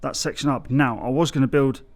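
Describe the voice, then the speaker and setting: Out on a building site, a man who vlogs about bricklaying talks casually about his craft in a brisk, mid-range voice. He keeps losing his train of thought and correcting himself.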